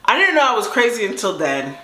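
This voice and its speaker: Young female storyteller, animated and slangy, bright tone, roomy echo. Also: medium pitch, a little fast. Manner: animated, dramatic retelling with slang. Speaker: storytime vlogger. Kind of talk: casual storytime chat.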